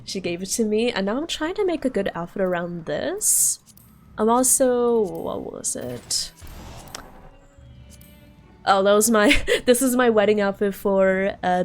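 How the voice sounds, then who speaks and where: A woman streaming a video game, chatting casually and giggling as she talks to her viewers. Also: mid-range voice. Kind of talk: casual gaming stream chat.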